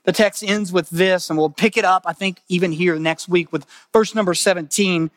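A man preaching a sermon as a pastor. He talks in an earnest, conversational way, repeats phrases for weight, and moves between loud emphatic bursts and quiet, hushed lines. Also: high-pitched, steady tone, moderate pace, no room sound, clean studio sound.

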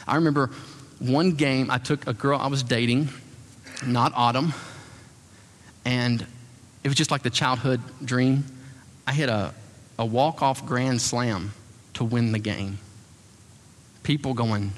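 A man preaching as a pastor, telling stories and acting out the voices of the people he quotes. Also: medium pitch. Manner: animated, acts out quoted voices. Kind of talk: sermon with storytelling. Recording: long hall reverb.

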